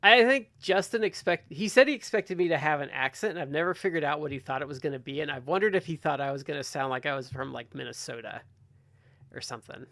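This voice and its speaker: A man's voice: a little high, fast, gravelly, a bit bright, dry recording. Rambling man from Ohio, dry close sound. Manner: rambling, heavy use of "like" and restarts. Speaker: podcast host. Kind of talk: casual podcast chat.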